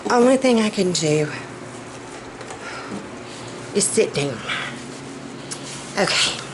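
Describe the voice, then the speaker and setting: A Southern woman vlogger chats casually while cooking in her home kitchen, her mid-range voice lively in intonation and slow in pace. She's folksy and rambling, a bit out of breath, and a fan runs noisily in the room behind her.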